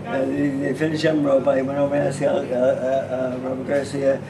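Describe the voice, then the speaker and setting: A man recounting an incident, halting and stammering with many uhs. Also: mid-range voice, monotone, roomy sound, background noise. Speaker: boxing trainer.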